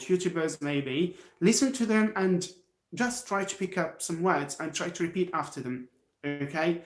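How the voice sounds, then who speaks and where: Algerian guy teaching english on a live stream, encouraging, says okay a lot, slightly high voice, echoey room. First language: Algerian Arabic. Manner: encouraging, repeats himself, answers chat. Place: his home.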